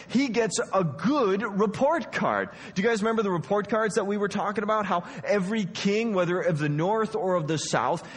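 Man, Bible teacher, lively storyteller, high voice, long hall reverb. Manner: lively storytelling, acting out quotes. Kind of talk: animated Bible lesson.

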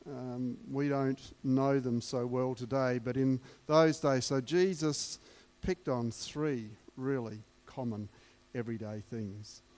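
Male preacher, unhurried delivery, leans hard on key words, mid-pitched. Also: steady tone, darkish tone. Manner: emphatic, repeating key words slowly. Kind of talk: sermon.

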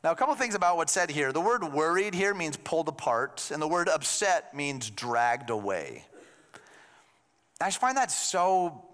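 Man preaching, slightly high voice, casual and joking, long hall reverb. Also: lively intonation, normal speed, fairly bright tone. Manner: conversational with joking asides. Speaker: pastor. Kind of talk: sermon.

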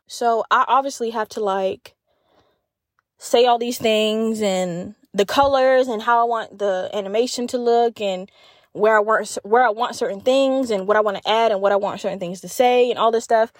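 Young woman, podcast host, higher-pitched, dry close sound, loose profane chatter. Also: moderate pace, dry recording. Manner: candid, profane, chatty storytelling with lots of fillers. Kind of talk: casual chat.

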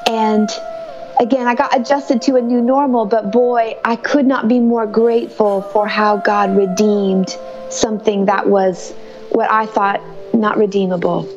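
A woman's voice: medium pitch, fairly even intonation, unhurried, highs cut off, music in the background. A mother speaking in an interview, fervent and emotional as she tells her story through faith. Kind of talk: testimony interview.

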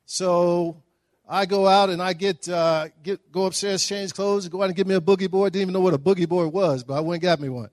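A man, giving a folksy, animated storytelling speech at a breakfast event. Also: sits high, brisk, no room sound, studio quality. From Dallas, Texas. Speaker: guest speaker.

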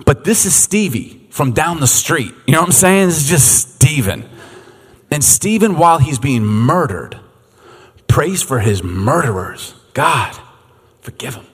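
A man in his thirties, a youth pastor preaching a sermon as an animated storyteller who laughs often. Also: fairly high pitch, unhurried, breathy edge. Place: church hall. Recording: echoey hall.

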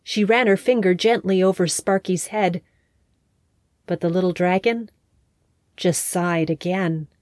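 Woman, storyteller, slow unhurried pace, calm expressive narration, dry close studio sound. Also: lowish voice, dry recording. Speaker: storyteller and show host.

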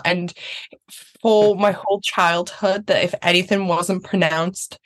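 A woman's voice: medium pitch, fairly even intonation, moderate pace. A young woman from Newcastle with a mild Geordie accent, a guest chatting in a friendly way and laughing easily. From Newcastle, England. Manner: friendly, laughs easily, acts out quoted voices. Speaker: pageant finalist guest. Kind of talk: casual interview chat.

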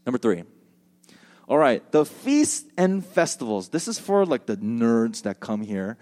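A man preaching a sermon as pastor, animated and joking in a conversational way. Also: medium pitch, unhurried. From United States.

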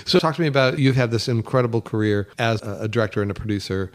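A man's voice: on the low side, quick pace. A man hosting a podcast, asking questions in a casual, teasing way. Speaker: podcast host. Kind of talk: casual interview chat.

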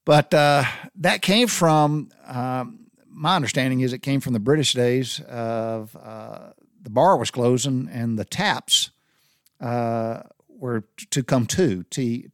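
A man's voice: medium pitch, no room sound. Man, Southern US accent, rambling folksy talk, mid-range voice, dry close mic. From Southern United States. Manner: folksy and rambling, with many restarts. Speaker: Navy veteran explaining sailor slang. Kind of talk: casual spoken monologue.

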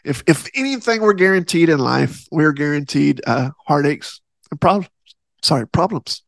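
A man's voice: on the high side, expressive, moderate pace, gravelly, no echo. A man hosting a faith podcast, talking earnestly in a rambling, casual way with many restarts. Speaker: podcast host.

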